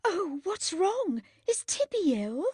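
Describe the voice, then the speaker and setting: A woman reading an audiobook, voicing an impulsive, furious young woman who shouts in sharp high bursts. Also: unhurried, dry recording, studio quality, natural voice. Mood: frantic, indignant. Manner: shrill, shouting.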